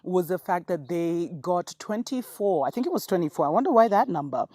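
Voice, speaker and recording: A woman with a low, mellow voice preaches in an earnest, insistent way. She keeps calling her listeners beloveds, and the sound is close and dry. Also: lively intonation, fairly quick, no echo. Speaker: online preacher in a played clip. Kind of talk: conspiratorial preaching.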